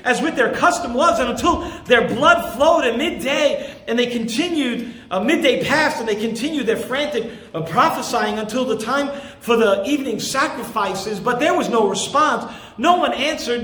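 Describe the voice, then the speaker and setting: An impassioned male pastor delivers a sermon in a very high voice. He stresses his points hard and at times rises to shouts. His voice rings in an echoey room. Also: lively intonation, normal speed, hardly any pauses. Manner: impassioned, emphatic, rising to shouts.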